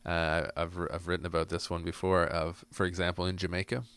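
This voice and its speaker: A man's voice: sits low, little pitch movement, brisk, fairly bright tone, smooth. A man co-hosting a board game podcast, chatting casually and thoughtfully, rambling with restarts. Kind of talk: casual chat.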